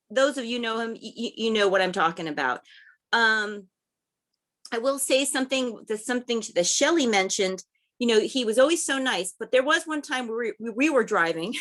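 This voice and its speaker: A woman sharing memories of a late coworker at a community memorial, halting often and restarting her sentences. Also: on the high side, a bit bright. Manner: halting, many restarts and fillers, laughing fondly. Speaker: memorial speaker, former coworker. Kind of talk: personal tribute at a memorial.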